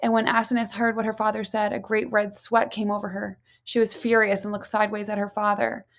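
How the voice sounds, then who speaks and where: A woman reading an ancient story aloud at a steady pace, now and then stumbling on a word and correcting herself. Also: medium pitch, a little fast. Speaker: reader.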